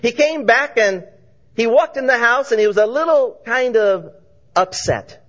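Male preacher, high voice, animated storytelling, dull lo-fi sound. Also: unhurried. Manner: animated storyteller, voicing characters in dialogue. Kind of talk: sermon storytelling.

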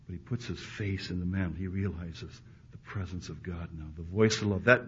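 A male preacher delivering a sermon to a live congregation, dropping to hushed, intimate lines and then rising to loud, emphatic ones. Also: low voice, fairly quick. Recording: muffled recording with faint background hiss.

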